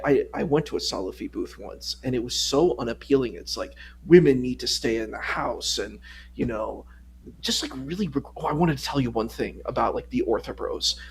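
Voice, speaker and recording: A man on a casual stream chat, telling an animated story that grows heated as he objects. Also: mid-range voice, slight background noise. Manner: animated storytelling, voice rising when indignant. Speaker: guest.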